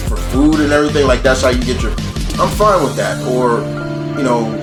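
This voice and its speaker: A man's voice: medium pitch, fairly quick, over music. Rambling man in an echoey room. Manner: rambling, with many restarts and casual swearing. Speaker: channel host ranking cartoon characters. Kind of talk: casual rambling commentary.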